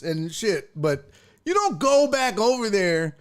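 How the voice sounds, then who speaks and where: A young adult man hosting a live stream, telling stories in an animated, profane way and acting out the people in them. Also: high voice, takes it slowly. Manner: animated storytelling with profanity and acted-out voices. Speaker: streaming show host. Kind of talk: casual live-stream chat.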